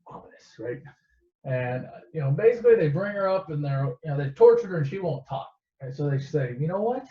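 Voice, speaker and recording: A man's voice: fairly high pitch, lively intonation, a little fast, dark tone. A man casually retelling a movie in a rambling, profane and sarcastic way. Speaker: storyteller. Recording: echoey dull lo-fi recording.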